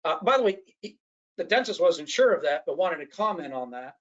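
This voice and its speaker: The audio is dull as a man with a sing-song, rather high voice presents a workshop lecture at a brisk clip. Animated throughout, he keeps restarting sentences and mimics the people he's quoting.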